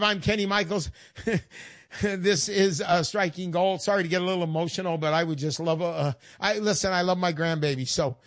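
A man's voice: high-pitched, brisk, dry recording, studio quality. Chatty older male radio host. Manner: chatty, emotional, folksy salesman patter. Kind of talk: call-in radio talk.

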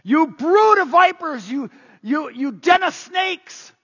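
A man voicing a furious grown man who loudly denounces religious hypocrites with drawn-out accusations, in a dull, echoey hall recording. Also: very high-pitched, expressive, voice pushed up, exaggerated voice. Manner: loud, shouting, drawn-out accusations.

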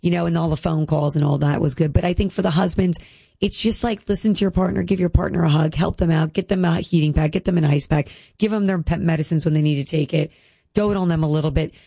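A woman's voice: low voice, fast, gravelly, warm tone, dry recording. A woman in her thirties, a guest speaking earnestly and emotionally about her health, with many "like" fillers. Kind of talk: candid personal interview.

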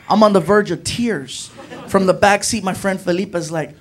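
A man's voice: high-pitched, fairly quick. A young man doing stand-up, telling a story and acting out his friends and a cop in raised voices. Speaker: stand-up comedian. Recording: noisy live club recording.

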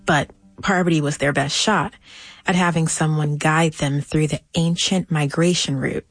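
A woman with a low voice narrates in a measured, scripted way. Soft music plays underneath her. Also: steady tone, no room sound, rough recording.

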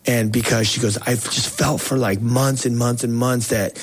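A man hosting a faith talk show, telling a story in a casual, excited way with slang and frequent restarts. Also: medium pitch, normal speed, breathy edge. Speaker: talk show host and evangelist.

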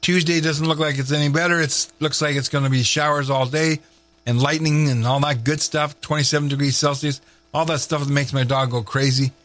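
A man's voice: on the high side, steady tone, fairly quick, fairly bright tone. A man hosting a chatty morning radio show from a studio, upbeat and folksy, rambling and correcting himself as he goes. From Canada.

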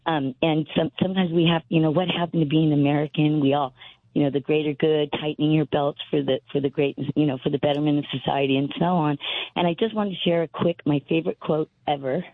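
A woman's voice: deep voice, fairly even intonation, fast talker, no room sound. A breathless woman in her fifties rambles down a tinny, phone-like line. She keeps tripping over and restarting her sentences, and the sound is dry with no room around it. She talks as a caller to a radio show. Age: 50s. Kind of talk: call-in radio chat.

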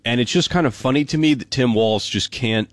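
A man co-hosting a casual news commentary, relaxed and amused, laughing as he tells the stories. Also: medium pitch, fairly quick, dry recording. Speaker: co-host.

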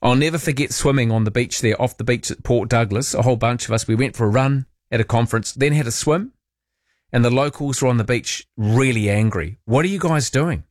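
Late-night talkback host, New Zealand man, mid-pitched, very dry close studio mic. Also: fairly quick, dry recording. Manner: chatty, rambling storyteller with animated asides. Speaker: overnight radio talk host. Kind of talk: late-night talkback, reading listener texts. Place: radio studio. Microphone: studio microphone.

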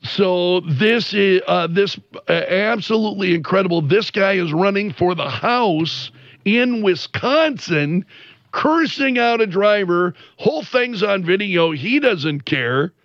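A man giving casual news commentary in an animated way, retelling quotes with the swearing bleeped out by voice. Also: high voice, slow, dry recording, dull audio.

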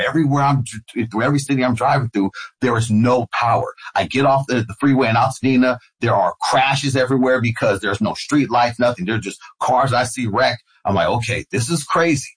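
A man's voice: medium pitch, breathy edge, poor audio. A middle-aged man, a radio host, telling a personal story in conversation and acting out the voices of the people in it. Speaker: radio host, interview guest.

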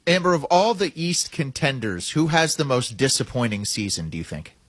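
A man hosting a sports talk show, animated and wry, thinking out loud about teams. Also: mid-range voice, normal speed, husky, no echo. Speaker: sports radio host.

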